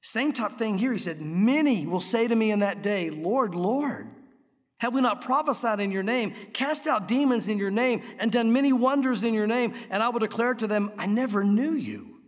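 A middle-aged male pastor preaching an earnest, animated sermon in a church, acting out crowd voices along the way. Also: high-pitched, moderate pace. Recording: echoey hall with long reverb.

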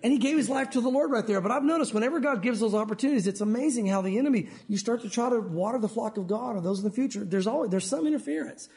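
High-voiced man teaching the Bible. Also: racing, hardly any pauses. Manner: chatty, sprinkled with "you know", animated storyteller. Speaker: men's ministry Bible teacher.

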